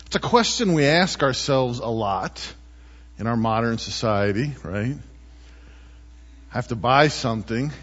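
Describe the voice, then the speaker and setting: A man preaching a sermon in a relaxed, conversational way, often tossing in rhetorical questions to the congregation. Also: mid-range voice, unhurried, pauses often, breathy edge, big-room sound, highs cut off. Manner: chatty, asks rhetorical "right?" often. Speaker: pastor.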